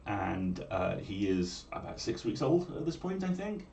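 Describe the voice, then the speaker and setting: A man with a Manx accent, hosting a livestream in a chatty, joking way with quick asides. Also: lowish voice, sing-song, gravelly, a little mellow, distant mic, a little hiss or hum. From Isle of Man. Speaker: streamer and storyteller host. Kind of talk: casual chat. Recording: voice from off-mic with faint room ambience.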